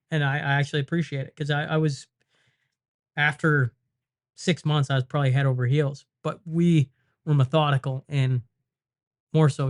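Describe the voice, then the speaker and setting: A man from Canada talks as a podcast guest in a fairly high voice. He is reflective and halting, with many fillers between his thoughts. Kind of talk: casual conversation.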